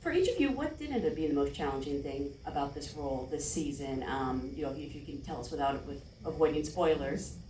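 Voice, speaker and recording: Woman moderator, low and expressive, echoey distant room. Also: brisk, hardly any pauses, slight background noise. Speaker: panel moderator. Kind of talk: interview questions. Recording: roomy live room, distant mic, audible ambience.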